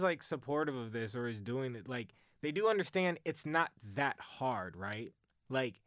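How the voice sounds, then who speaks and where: A young man in his twenties, a podcast guest, talking excitedly with lots of slang and fillers. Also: fairly high pitch, clean tone, no room sound, studio quality. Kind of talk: casual chat.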